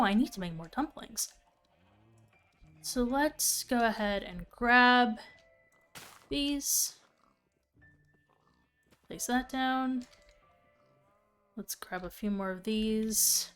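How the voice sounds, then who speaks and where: Young woman, relaxed gameplay streamer, unhurried chatter over faint music. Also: on the high side. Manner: chatty, thinking aloud with fillers. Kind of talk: casual gameplay commentary.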